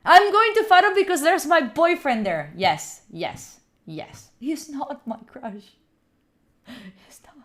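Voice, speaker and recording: A woman's voice: high-pitched, lively intonation, slow, a bit bright. A young Italian woman with an Italian accent, chatting casually with her stream chat, laughing often and answering viewers' questions. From Italy. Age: young adult. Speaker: study streamer.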